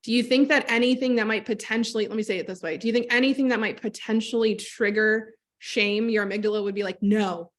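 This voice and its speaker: Woman, coach, slightly high-pitched, animated storyteller, conversational, group-call teaching. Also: fast talker, hardly any pauses. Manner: animated storytelling, acts out quoted voices; conversational, direct address to listeners. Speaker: trauma-informed business coach.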